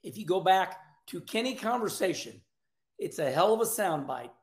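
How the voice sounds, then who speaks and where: A middle-aged man hosts a casual racing talk show, animated and folksy with loud outbursts. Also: sits high, moderate pace. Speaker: show host. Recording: echoey room.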